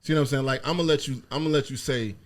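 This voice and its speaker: A man's voice: medium pitch, fairly even intonation, racing. A man hosting a casual podcast chat, talking in a laid-back, profane way and laughing often. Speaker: podcast host.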